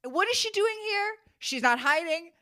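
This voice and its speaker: A woman's voice: very high-pitched, lively intonation, moderate pace, sharp tone, no echo, studio quality. A woman co-hosting a podcast, recapping a TV episode in a profane, riffing, casual comedic chat. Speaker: podcast co-host.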